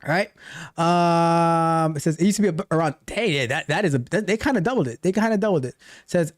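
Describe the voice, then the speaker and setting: A man hosting a casual tech livestream, reading chat aloud and talking in an animated way, often repeating himself. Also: high-pitched, fairly quick, no room sound, clean studio sound. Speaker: livestream host and tech coach.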